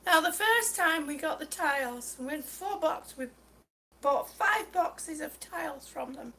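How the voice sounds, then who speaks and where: Middle-aged woman, very high and bright, breathless, exasperated live-stream chatter. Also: animated, a little slow. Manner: exasperated, chatty, greets viewers by name. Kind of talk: casual live stream rant.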